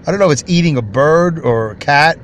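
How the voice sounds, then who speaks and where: A man's voice: fairly high pitch, lively intonation, brisk, slight background noise. Rambling, joking American man in a car. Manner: rambling, joking, chuckles often. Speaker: podcast host. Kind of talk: solo comedic monologue podcast. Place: alone in a parked car.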